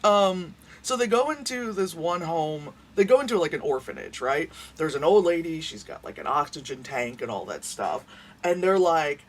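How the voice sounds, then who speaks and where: Brief: foul-mouthed vlog reviewer, mid pitch, very animated swings, rambles and restarts constantly. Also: moderate pace, distant mic. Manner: profane, rambling, lots of fillers and restarts. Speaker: movie reviewer. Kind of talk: casual rambling movie review rant.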